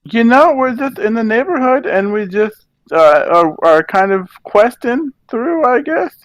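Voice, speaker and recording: A man's voice: very high voice, lively intonation, a little slow, no echo, poor audio. A man playing a tabletop game, speaking in character in a playful, mock-theatrical way. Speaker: player.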